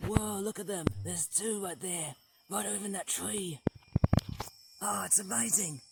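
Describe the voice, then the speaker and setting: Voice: medium pitch, measured pace, vocal fry, very noisy. A vlogger exclaiming with wonder while walking a jungle trail near a waterfall, filming wildlife. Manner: excitable, marvelling, exclaims often. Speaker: nature vlogger. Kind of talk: walking nature vlog commentary.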